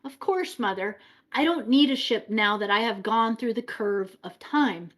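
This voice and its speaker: An otherworldly boy king speaks slowly and mockingly, with a fairly high, light voice, as a woman reads his lines aloud. He sounds grandly unbothered, as if he is lecturing. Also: lightly acted. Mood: grandiose. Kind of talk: dramatic story reading.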